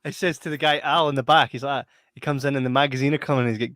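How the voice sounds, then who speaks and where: Excitable man retelling a sitcom scene. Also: mid-range voice, racing, hardly any pauses, no echo. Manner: excitable storyteller, says "mate". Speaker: podcast co-host. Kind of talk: casual movie review chat.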